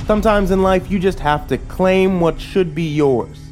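A cruel middle-aged sheriff from a spoken horror tale, mocking and contemptuous, his drawl sitting noticeably higher than a plain speaking voice, as a man acts him out. Soft music plays far behind him. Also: normal speed, lightly acted. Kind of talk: horror story narration.

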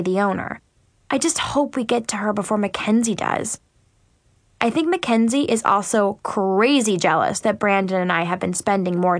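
A woman's voice: medium pitch, dry recording, clean studio sound. Sassy woman narrating a teen diary. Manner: sassy, dramatic. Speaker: audiobook narrator.

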